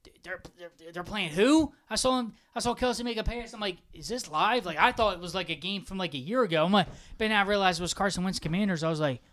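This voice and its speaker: A man co-hosting a podcast, chatting casually about football in an excitable, rambling way, his pitch jumping when he gets worked up. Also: fast talker, hardly any pauses. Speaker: podcast co-host. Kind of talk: casual sports chat.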